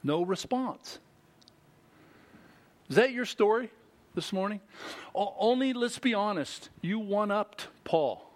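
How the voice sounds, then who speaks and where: Speaking with a high-pitched voice at a slow pace with long pauses, a middle-aged man preaches as pastor. He is animated and full of rhetorical questions for the congregation.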